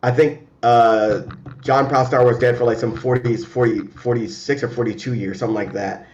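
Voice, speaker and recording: A man in a casual remote chat, talking fast and loose with lots of fillers, restarts and swearing. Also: mid-range voice, highs cut off. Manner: animated and profane, many fillers and restarts. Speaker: podcast co-host.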